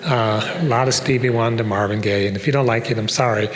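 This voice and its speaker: An older Detroit professor gives a conversational public lecture at a quick pace in a medium-pitched voice, sprinkling in fillers and side remarks. He's on a performing arts center stage before a live audience, and long hall reverb colors the sound.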